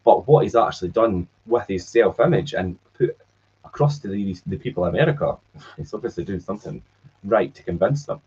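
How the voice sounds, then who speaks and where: Very deep, raspy-voiced man. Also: expressive, a little fast, darkish tone. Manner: agreeable, reflective, brief backchannels. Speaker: podcast co-host. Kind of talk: casual business chat. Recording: dull lo-fi podcast audio.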